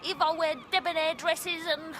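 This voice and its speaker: A woman's voice: extremely high pitch, fairly even intonation, moderate pace, a bit bright, slight background noise. An actress playing a lovesick, snotty young woman in a comic radio drama, with a dopey, earnest manner. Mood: smitten.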